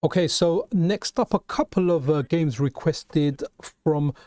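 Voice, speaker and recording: A man's voice: fairly high pitch, measured pace, darkish tone, dry recording, clean studio sound. A man with a London accent hosting a retro gaming channel, chatting casually over gameplay and often restarting his sentences. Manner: chatty, restarts and repeats words.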